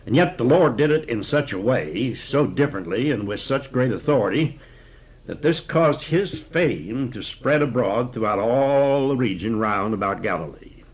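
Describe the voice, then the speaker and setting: A man teaching a sermon on scripture in a measured, conversational way with frequent fillers. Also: medium pitch, animated, husky. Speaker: Bible teacher. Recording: dull lo-fi recording.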